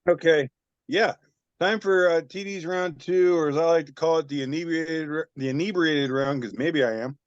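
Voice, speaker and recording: A man hosting a podcast, reading memes in casual chat with laid-back, swearing, deadpan asides. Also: a little high, normal speed, clean tone, dry recording. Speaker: podcast host. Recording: muffled lo-fi podcast audio.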